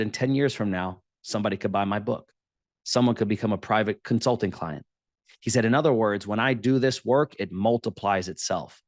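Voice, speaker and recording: A man telling his business story as an interview guest, animated and quoting others as he goes. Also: on the low side, dry recording, studio quality. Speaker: guest, podcast booking entrepreneur.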